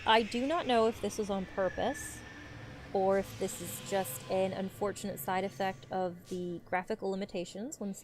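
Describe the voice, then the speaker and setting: A woman's voice: medium pitch, slight background noise. A woman hosting a let's play, giving casual, rambling commentary with the odd swear. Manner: chatty, rambling asides with swearing.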